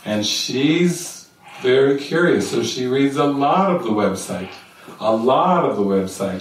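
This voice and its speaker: An older man giving a spiritual retreat talk, telling stories and lively quoting others. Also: medium pitch. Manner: storytelling, animated quoting. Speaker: spiritual teacher. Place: retreat center hall. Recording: echoey room, mic far off.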